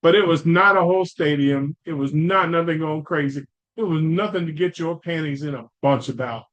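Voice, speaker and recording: A middle-aged man from Cleveland hosting a sports podcast, ranting in a profane, animated way. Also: fairly high pitch, moderate pace, lo-fi sound. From Cleveland, Ohio. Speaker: podcast host. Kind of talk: casual sports talk.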